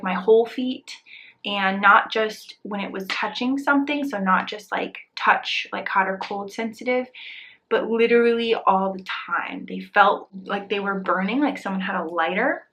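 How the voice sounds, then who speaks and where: A woman's voice: mid-range voice, normal speed, rough recording. Breathless twenty-something woman vlogging from bed. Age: 20s. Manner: chatty, candid, drops into soft whispers. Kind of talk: casual health vlog. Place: bedroom in an apartment.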